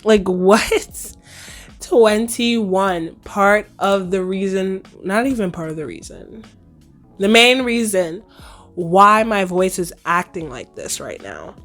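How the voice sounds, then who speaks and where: A young woman in her twenties hosting her own podcast, casually chatting in a slightly hoarse voice, playful and full of slang. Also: mid-range voice, lively intonation, slow, a bit bright, faint music behind. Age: 20s. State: hoarse, recovering lost voice. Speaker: podcast host. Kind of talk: casual solo podcast chat.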